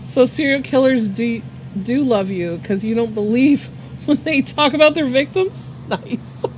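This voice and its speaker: Woman streamer, casual chat, loose and filler-heavy, slightly high voice. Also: a little slow, a little hiss or hum. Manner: rambling, filler-heavy, swears and laughs a lot. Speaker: art streamer.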